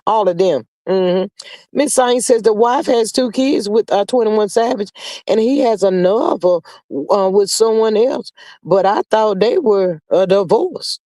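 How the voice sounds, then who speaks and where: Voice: medium pitch, measured pace, mellow. A sassy live stream host chatting gossip and reading viewer comments, drawling out pet names between playful hums. The voice sits in a middle register and sounds dry and close, with no room echo. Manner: sassy and drawling, full of "child" and "honey" asides; playful, with sing-song hums and laughs.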